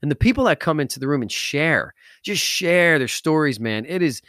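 A man hosting a podcast in an energetic, slangy motivational talk style, hyped and enthusiastic. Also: on the high side, normal speed, no echo, studio quality. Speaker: podcast host.

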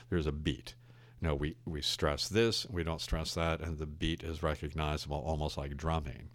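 Older male ex-teacher, very low voice, dry close sound, reflective and wry. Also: dry recording. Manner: thoughtful, wry, digressive storyteller. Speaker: retired English teacher. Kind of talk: reflective conversation.

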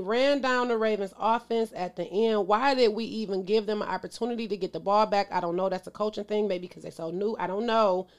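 A woman hosting a casual sports show to camera, emotional, sighing and calling out to her viewers. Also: mid-range voice. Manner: emotional, exclaims and sighs, talks to viewers as "y'all".

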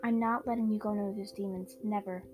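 A woman voicing a brash, protective young male demon slayer, speaking bluntly in a deep, serious tone over background music. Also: fairly even intonation, brisk, natural voice. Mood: gruff.

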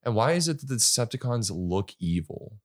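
Animated, foul-mouthed man chatting. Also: medium pitch, brisk. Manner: animated, swears freely, does jokey impressions. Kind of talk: casual chat.

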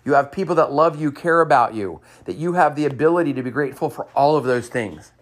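A man's voice: medium pitch, lively intonation, fast. A man hosting a motivational podcast, cheering listeners on with repeated upbeat lines and a personal story. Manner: enthusiastic, sing-song cheerleading repetition.

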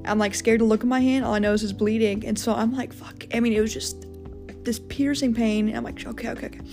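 A woman's voice: fairly high pitch, steady tone, fast, over music. A young woman hosting her own show, telling a personal story in a rambling, casual way, full of fillers and swearing. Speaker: podcast host.

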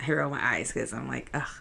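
A woman's voice: rumbling low, creaky, background noise. A woman speaking bluntly and drily in a casual chat. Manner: blunt, dry.

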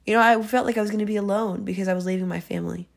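A woman's voice: medium pitch, fairly even intonation, rapid-fire, vocal fry. A young woman hosting a devotional podcast, talking in an earnest, chatty way with many fillers and restarts. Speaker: faith podcast host. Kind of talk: casual devotional talk.

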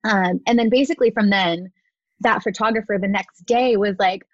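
A woman in her thirties, a makeup artist, recounts her start in a loose, talkative interview voice that is neither high nor low for a woman. She sprinkles in fillers and slips into quoted voices as she goes. The recording is dry and a little dull, with no room sound. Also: moderate pace, no room sound. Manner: chatty, lots of "like" and "you know", acts out quotes. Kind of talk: casual interview storytelling. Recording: dry, slightly dull audio.

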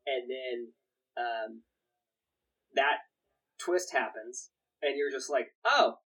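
A young man with a medium-pitched, slightly bright voice speaks slowly and steadily, with a breathy edge on a rough recording. Co-hosting a podcast, he chats casually about a film he loves, rambling, restarting often, and throwing in quoted lines.

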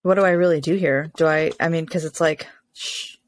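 A woman's voice: low-pitched, fairly even intonation, fast. A young woman co-hosting a casual parenting chat, venting and laughing often. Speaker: podcast co-host.

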